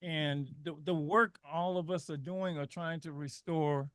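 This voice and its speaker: A man's voice: on the high side, steady tone, a little slow, fairly bright tone, dry recording, studio quality. A middle-aged man talking with passion on a radio show, often repeating and restarting his words. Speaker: guest. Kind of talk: impassioned radio talk.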